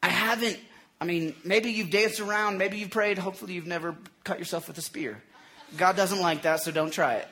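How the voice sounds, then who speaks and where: A man's voice: high-pitched, brisk, a bit bright. A man preaching a casual, jokey sermon, retelling scripture in everyday slang.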